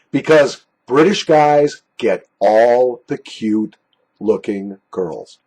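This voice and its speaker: A man's voice: slightly rough, poor audio. A man reviewing snuff in a casual, jokey, self-mocking monologue from a basement. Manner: jokey, self-mocking, lively pitch swings. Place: basement room.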